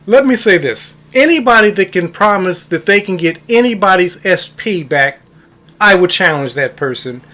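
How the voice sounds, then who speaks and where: A man's voice: sits high, lively intonation, moderate pace, pushed and bright. A man who coaches on manifestation, telling a story in a casual monologue, stressing words for emphasis and addressing listeners as guys.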